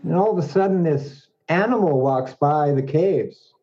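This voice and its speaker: A man telling a string of jokes in an unhurried, drawn-out storytelling manner. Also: fairly high pitch, warm tone. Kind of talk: joke telling. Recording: dull lo-fi audio.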